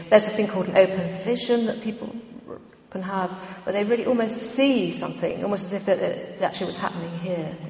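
A woman's voice: medium pitch, darkish tone. A woman giving an informal church teaching talk on prayer, conversational and meandering, with frequent ums and asides. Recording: dull, echoey hall recording.

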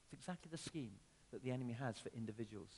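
A man preaching a sermon in a church, talking conversationally with sudden emphatic rises and soft drops. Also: mid-range voice, animated, very fast, slight background noise. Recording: long reverb of a church hall.

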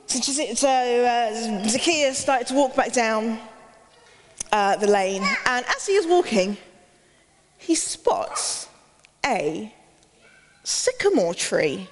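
Woman storyteller for kids, high lively voice, echoey hall, faint background noise. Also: slow pace, long pauses. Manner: animated, asks the children questions. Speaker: children's storyteller. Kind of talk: lively children's Bible story.

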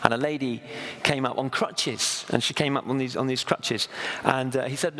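A man preaching a sermon in a conversational, storytelling way, often pausing and restarting. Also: mid-range voice, fairly bright tone. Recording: long echo of a hall.

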